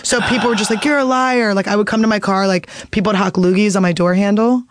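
A woman guest on a podcast, telling a story in a blunt, profane, animated way. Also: mid-range voice, quick pace, dry recording, clean studio sound. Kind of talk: casual chat.

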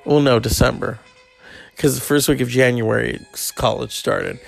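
Gravelly-voiced and in his forties, a man rants through a rambling monologue at a moderate pace, swearing frequently and mocking people with high put-on voices. Soft music plays in the background.

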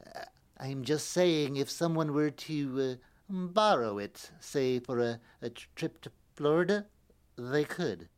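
Woman playing a low-voiced, nervous elf coworker. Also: expressive, unhurried, a little mellow, smooth. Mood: conspiratorial. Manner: hesitant, conspiratorial, stumbling over words. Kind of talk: family radio-play acting.

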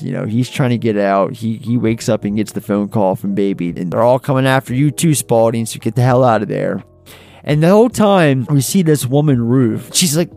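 A man's voice: mid-range voice, gravelly, darkish tone. A man hosting a film podcast, chatty and rambling with many fillers. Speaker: podcast host. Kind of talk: casual film podcast talk.

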